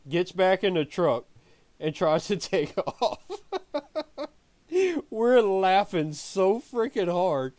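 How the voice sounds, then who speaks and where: A man's voice: high voice, darkish tone, no echo. A man streaming, telling a story in a casual way, laughing often and swearing freely.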